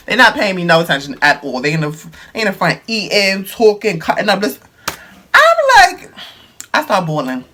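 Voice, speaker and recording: A man of twenty-one telling a story on his video blog, dramatic and animated, full of slang. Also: sits high, normal speed. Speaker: vlogger. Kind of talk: storytime vlog.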